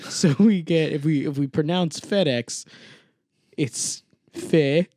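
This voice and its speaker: A man's voice: fairly high pitch, moderate pace, warm tone, no echo, studio quality. A man co-hosting a podcast in casual chat, teasing and laughing often. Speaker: podcast co-host.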